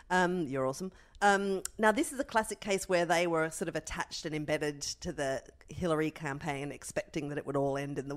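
This is a woman, her voice sitting low. She chats casually on a home podcast, drifting through ums and light self-mockery. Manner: chatty, self-mocking, with filler ums. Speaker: podcast co-host. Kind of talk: casual chat.

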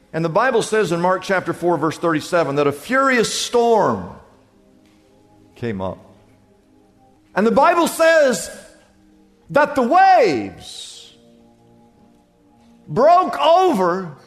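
A man preaching a sermon as pastor, with dramatic swings from quiet to loud. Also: big-room sound. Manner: dramatic preaching with big swings in pitch and volume.

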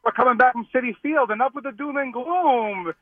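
A man with a New York accent calling in to a sports radio show, excited and boisterous. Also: extremely high pitch, a little fast, dry recording. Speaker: caller. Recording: tinny phone line.

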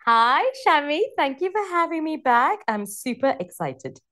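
A woman's voice: high voice, sing-song, measured pace, pushed and bright. A woman guest on a podcast, a former doctor turned meditation teacher, answering thoughtfully and weighing her words. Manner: reflective, weighing her words with small restarts. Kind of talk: casual podcast interview.

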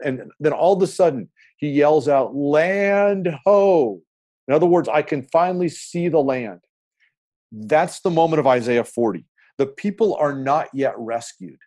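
A man's voice: medium pitch, darkish tone. A man, a pastor, talking earnestly in a reflective podcast, telling stories with frequent restarts.

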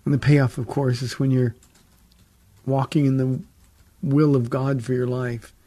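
A man's voice: medium pitch, flat delivery, measured pace, warm tone, no room sound. A man, a pastor hosting a call-in radio show, teaching the Bible in a folksy, conversational way with jokes and stern emphasis.

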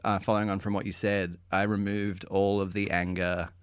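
A man's voice: sits low, little pitch movement, normal speed, clear, resonant tone, no echo, studio quality. An Australian man chatting casually as a podcast host about improv, laughing often. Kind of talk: casual chat.

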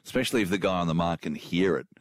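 A very deep-voiced man co-hosts a podcast, firing off dry, teasing one-liners in a deadpan way. The sound is close and dry. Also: very fast, no echo. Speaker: podcast co-host. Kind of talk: banter, deadpan asides.

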